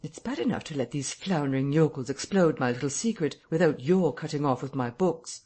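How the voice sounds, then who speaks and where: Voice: mid-range voice, expressive, brisk, dark tone, natural voice. A reader voicing an invisible man who speaks in curt, cold threats. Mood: threatening. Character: invisible man, menacing and impatient.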